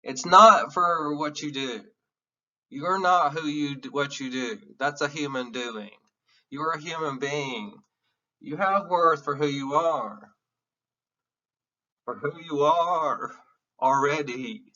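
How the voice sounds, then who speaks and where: A man's voice: on the high side, slow pace, pauses often, pushed and bright, recorded from a distance, highs cut off. A man giving an emotional, earnest classroom lecture, candid and sometimes swearing. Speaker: teacher.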